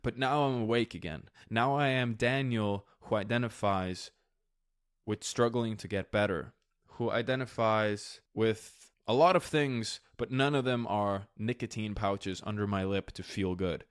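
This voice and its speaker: Candid low-voiced man hosting solo podcast. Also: unhurried, clear, resonant tone, dry recording, clean studio sound. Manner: candid, reflective, casual with swearing. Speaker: podcast host.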